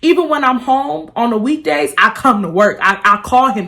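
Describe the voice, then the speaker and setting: A young woman tells a storytime to her camera. She talks in a loose, profane, animated way, slipping into other people's voices as she quotes them. She sits close to the camera mic. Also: fairly high pitch, moderate pace. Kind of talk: casual storytime vlog.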